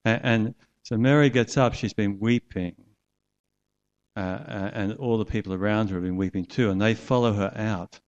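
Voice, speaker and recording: A man's voice: on the low side, normal speed, dull audio. A man preaching a sermon, earnestly retelling a scripture story and acting out its voices.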